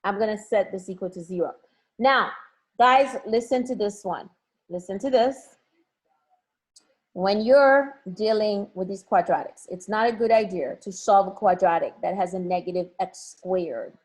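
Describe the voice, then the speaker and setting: A woman's voice: mid-range voice, unhurried, darkish tone. A woman teaching an online class from home, coaxing her students to answer with lots of encouragement. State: has a headache.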